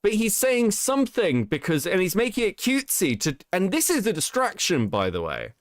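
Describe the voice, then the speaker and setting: A man's voice: high-pitched, huge pitch swings, normal speed. A male stream host giving heated commentary, exasperated and swearing often. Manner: exasperated, profane ranting.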